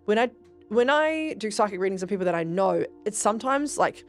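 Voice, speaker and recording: A woman hosting a podcast, telling spiritual stories in a casual, animated way, swearing freely and speaking straight to her listeners. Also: medium pitch, fairly quick, soft background music. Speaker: podcast host.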